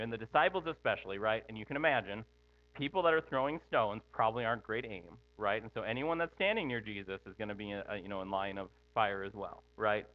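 A man's voice: fairly low pitch, quick pace. A middle-aged man preaching a sermon in a conversational way, thinking aloud with frequent asides. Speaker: pastor. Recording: tinny phone-like sound with mains hum.

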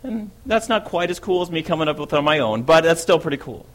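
A man delivers a first-person dramatic monologue as the apostle Peter, the impulsive, eager disciple, telling his story with energy that quickens and swells whenever he gets excited. His voice is on the high side, fast, and natural.

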